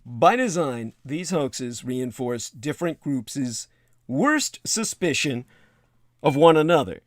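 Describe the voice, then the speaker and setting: A livestream host reads news passages aloud, then breaks off into wry, digressive tangents, hesitating often and filling gaps with filler sounds. His mid-range voice is expressive and slow, recorded with clean studio sound and no echo.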